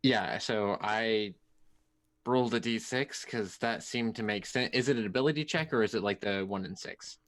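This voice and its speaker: Low-voiced man playing a tabletop game. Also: moderate pace, fairly bright tone. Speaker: player. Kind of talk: casual tabletop game chat.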